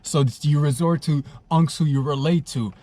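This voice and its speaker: A man's voice: a little high, normal speed, warm tone. A young man hosting a comedy podcast alone, with crude humor and a rambling style that keeps losing its train of thought. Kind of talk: rambling solo comedy monologue.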